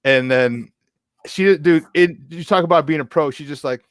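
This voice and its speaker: A man co-hosting a sports talk show, telling a long story in a casual, animated way and jumping into the voices of the people he quotes. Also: on the high side, moderate pace, dry recording. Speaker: co-host. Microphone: remote mic, virtual studio.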